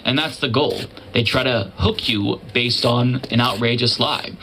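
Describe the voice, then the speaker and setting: A man's voice: medium pitch, unhurried. Firm man narrating over noise. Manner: firm, emphatic. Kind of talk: argumentative video essay narration. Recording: noisy played clip.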